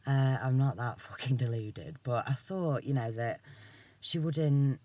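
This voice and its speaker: A man speaking a casual personal monologue. He rambles, swears often and is candid, drifting between topics and trailing off into quiet asides. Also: mid-range voice, a little slow, no room sound. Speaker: vlogger.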